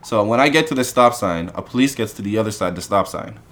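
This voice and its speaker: Animated man telling a story. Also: lowish voice, fast. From Canada. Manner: animated storyteller, acts out quoted voices. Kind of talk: casual storytelling chat.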